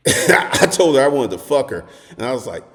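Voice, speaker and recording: Blunt, crude man with a lively voice. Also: mid-range voice, moderate pace, big-room sound. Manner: crude, animated storytelling, swings to shouting. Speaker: dating advice host. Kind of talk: blunt monologue.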